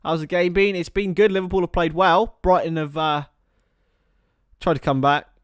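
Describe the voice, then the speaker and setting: A young man giving partisan live commentary on a football match for a fan watchalong, chatting casually between the action and getting loud at chances. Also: a little high, normal speed, clear, resonant tone, no room sound, studio quality. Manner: partisan, rises to excited shouts at chances.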